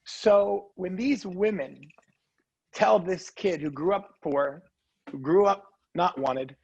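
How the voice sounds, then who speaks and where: A man's voice: sits high, vocal fry, darkish tone, husky, lo-fi sound. A man telling his life story as a guest in a casual interview, earnest and emotional. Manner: earnest, emotional, quick asides like "right?".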